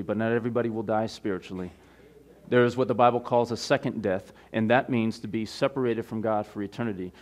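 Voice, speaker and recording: Man preaching an emphatic sermon. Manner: preaching with rising emphasis, stretching key words; opens in a quiet, low prayer. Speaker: pastor.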